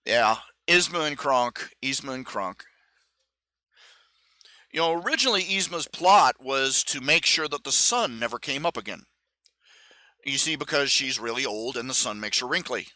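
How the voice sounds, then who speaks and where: A man's voice: mid-range voice, lively intonation, normal speed, pushed and bright. A man talking casually on his live stream, rambling with many fillers and restarts and acting out the quotes he tells. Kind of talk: casual solo commentary.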